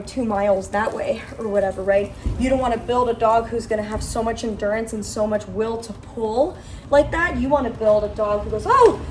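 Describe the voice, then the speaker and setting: Her voice leans high, recorded from afar with a roomy quality and a noisy background. As a dog trainer working outdoors on a street or driveway, she demonstrates training, praising the dog and coaching its owners.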